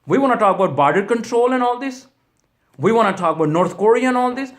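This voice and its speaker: A man's voice: very high-pitched, expressive, fast talker. A man, a church minister, giving an impassioned video message that pleads with repeated rhetorical questions and closes in prayer.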